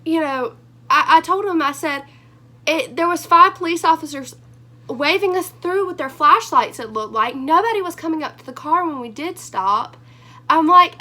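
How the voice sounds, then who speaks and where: A young woman telling a rambling storytime vlog, animated and full of fillers, her voice hoarse. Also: high-pitched, moderate pace. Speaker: vlogger.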